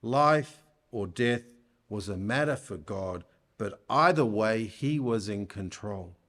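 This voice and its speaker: Male preacher, church sermon, unhurried pace, deliberate, rhetorical questions. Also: fairly low pitch, animated, fairly bright tone.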